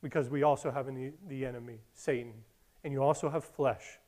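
A pastor preaching a sermon with emphatic, repetitive exhortation. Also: male voice, mid-range voice, steady tone, fairly quick, a little mellow.

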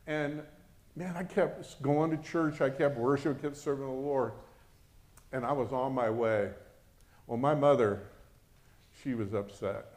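A man's voice: medium pitch, fairly even intonation, a little slow, long pauses, a little mellow. A man preaching a sermon, telling a personal story and acting out the voices of the people in it. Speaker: pastor.

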